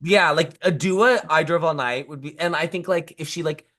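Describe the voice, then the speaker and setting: Her pitch is low and her tone fairly bright, delivered at normal speed. As a co-host on a pop music podcast, this woman talks with chatty enthusiasm, using lots of filler words.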